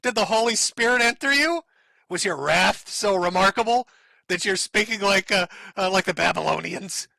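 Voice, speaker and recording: Bright-voiced man mocking on stream. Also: high-pitched, normal speed, vocal fry, no echo. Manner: sarcastic, mocking, laughs often. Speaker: streamer host. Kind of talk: mocking live-stream commentary.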